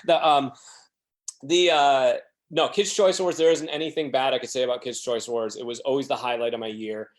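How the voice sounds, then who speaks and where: A man's voice: medium pitch, steady tone, brisk. A man telling rambling, self-deprecating stories as a podcast guest, acting out the quotes of other people. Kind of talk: casual storytelling.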